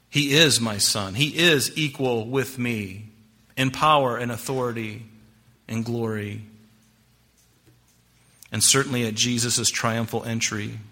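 Bright-voiced male preacher. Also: mid-range voice. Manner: expository preaching with scripture quotes; swings between emphatic rises and hushed drops. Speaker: pastor. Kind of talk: sermon.

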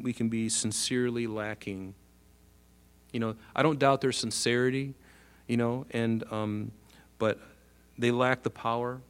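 A man in the middle of a sermon, preaching with animated energy. He acts out the voices he quotes, rising to loud calls and dropping to soft asides. His voice sits at an ordinary middle pitch. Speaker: pastor.

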